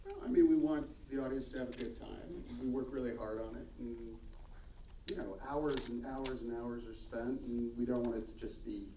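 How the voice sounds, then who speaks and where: A man with a mellow, dark voice explains things calmly and steadily on a panel. He is heard from a distance in an echoey hall. Faint noise sits behind him. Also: medium pitch, moderate pace. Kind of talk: panel conversation.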